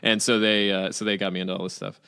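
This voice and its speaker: A man with a fairly low voice chats as a podcast guest, spinning a rambling story. He pads his talk with fillers and laughs easily along the way. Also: level tone, fast talker, creaky, sharp tone, clear, resonant tone. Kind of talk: casual storytelling chat.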